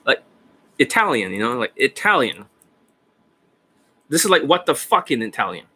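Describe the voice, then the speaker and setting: A man's voice: mid-range voice, big pitch swings, normal speed, bright, forceful tone, husky. A man who is a dating coach, talking in a rambling, profane, casual way and laughing often. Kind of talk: casual rambling livestream talk.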